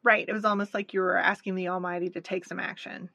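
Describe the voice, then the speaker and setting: A woman with a fairly low, level, creaky voice co-hosts a podcast, talking fast and casually with a sharp tone. She works through her notes with wry, dry jokes, and there's no room sound.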